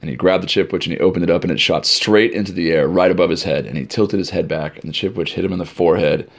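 Deep-voiced man telling camp stories. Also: fast talker, creaky. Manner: animated storyteller, acting out crowd shouts. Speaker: camp director. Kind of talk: informal podcast storytelling.

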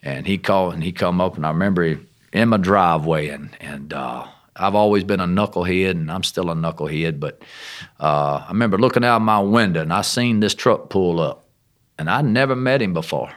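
A man, a missionary guest, telling his testimony in a folksy, rough-spoken and animated way. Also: low voice, fairly quick. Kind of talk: casual testimony storytelling.

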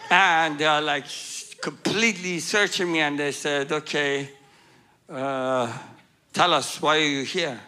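A man's voice: fairly high pitch, slow pace. A man giving a testimony as a guest speaker, acting out the dialogue of his story with humor. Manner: animated, acts out dialogue with humor.

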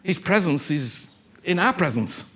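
A man preaching a sermon, earnest and animated, repeating himself and often asking whether he is understood. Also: high voice, measured pace, slightly rough.

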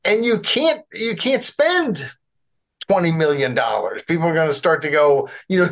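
A man's voice: a little high, big pitch swings, normal speed, gravelly, fairly bright tone. A man with a slight Southern US accent co-hosting a casual political chat, rambling and restarting his phrases as he argues. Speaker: podcast co-host.

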